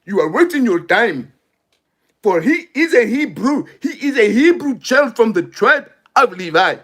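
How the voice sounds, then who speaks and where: Pompous old courtier, formal and stiff, as a preacher man puts him on, bright. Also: high voice, sing-song, unhurried, heavily acted. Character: haughty old Egyptian male courtier, pompous.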